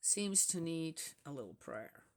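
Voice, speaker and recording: A woman's voice: low-pitched, sing-song, measured pace. A woman reading psalms aloud and stopping to reflect on them in a hesitant, musing way, often checking in with the listener by asking "yes?". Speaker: scripture reader.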